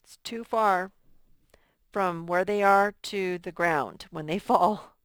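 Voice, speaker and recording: A middle-aged woman teaching a lesson to young children, reading example sentences in a slow, sing-song way. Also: fairly low pitch, clear, resonant tone, dry recording.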